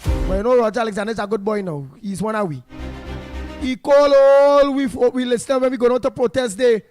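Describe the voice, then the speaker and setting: High-voiced Trinidadian male talk host. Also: a little fast, darkish tone, faint music behind. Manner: chatty, creole phrasing, laughs often, rattles off names. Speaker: radio talk show host. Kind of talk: casual on-air chat greeting listeners.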